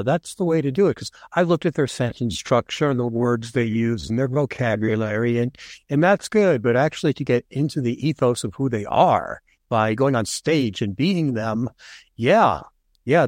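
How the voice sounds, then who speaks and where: A man's voice: medium pitch, animated, moderate pace, a little mellow, dry recording, studio quality. A man hosting a podcast interview, asking questions eagerly and reacting with enthusiasm. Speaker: podcast host. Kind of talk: casual interview.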